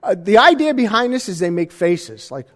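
A man preaching a sermon in a conversational style, with jokey asides and animated emphasis. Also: high-pitched, moderate pace, in a large hall. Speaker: pastor.

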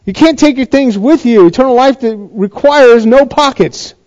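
A man's voice: extremely high pitch, moderate pace, a little mellow, lo-fi sound. A male pastor giving a sermon in a chatty, conversational way, often restarting his sentences.

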